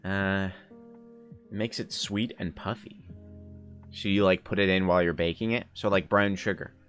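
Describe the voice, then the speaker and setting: Faint music sits under a young man's low-pitched, fairly bright voice, his intonation fairly even. He's streaming live and chatting casually in response to viewers, playful and meandering, with quick laughter and teasing arguments.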